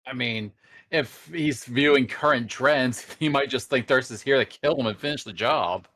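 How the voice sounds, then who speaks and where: A man playing in a tabletop game, making drawn-out joking remarks. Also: medium pitch, a bit bright, no echo, clean studio sound. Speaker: player. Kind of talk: casual game chat.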